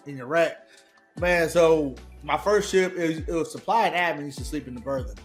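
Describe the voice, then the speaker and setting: A man's voice: on the high side, fairly quick, soft background music. A young man in casual podcast chat, telling profane anecdotes and laughing often. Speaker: podcast guest.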